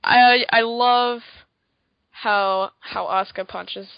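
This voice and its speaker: A woman co-hosting a podcast in casual chat, rambling with lots of fillers and quick asides. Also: a little high, fairly even intonation, creaky, dry recording, dull audio. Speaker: podcast co-host.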